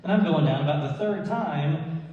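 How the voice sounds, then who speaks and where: A man telling a lively personal story to an audience, laughing and acting out the people he quotes. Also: a little high, moderate pace, muffled recording. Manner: animated, laughing storyteller who acts out quotes. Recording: echoey hall, mic far off.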